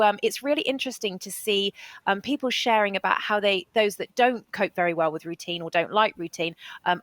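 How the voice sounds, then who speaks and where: A woman's voice: medium pitch, a bit bright, dry recording. Woman, co-presenter, chatty, reads viewer messages, dry close sound. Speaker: co-presenter reading the chat. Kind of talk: live online student panel.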